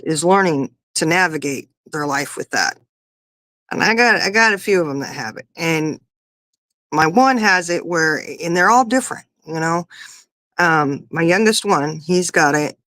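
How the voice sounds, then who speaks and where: A woman in her fifties, a podcast guest or co-host, chats casually and tells rambling stories about her kids. Her voice is low-pitched with a fairly bright tone, she speaks at a normal speed, and there is no room sound.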